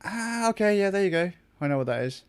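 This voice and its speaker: A man's voice: high-pitched, animated, fast talker, clean tone. A young man chatting casually with his stream viewers, rambling, swearing a lot and laughing often. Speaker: gaming streamer.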